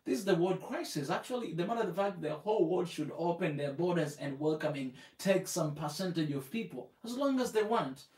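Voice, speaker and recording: A man's voice: on the high side, animated, fairly quick, few pauses, darkish tone. Impassioned East African man, echoey and distant. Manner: preachy, repeats phrases, rhetorical questions. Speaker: live show host. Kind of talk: impassioned live-stream talk. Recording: echoey room, voice off-mic.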